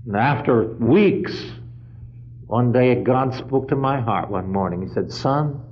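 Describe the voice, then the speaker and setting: A man preaching a storytelling sermon, retelling a story full of "he said" and swelling to loud, emphatic peaks. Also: mid-range voice, measured pace, a little hiss or hum. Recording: dull lo-fi sermon recording.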